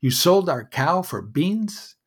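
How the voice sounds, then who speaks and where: A man with a husky voice voicing an angry, exasperated mother in a storybook tale, scolding sharply. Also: a little high, very animated, slow pace, pitched above the performer's own voice, exaggerated voice. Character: angry exasperated mother, poor single parent.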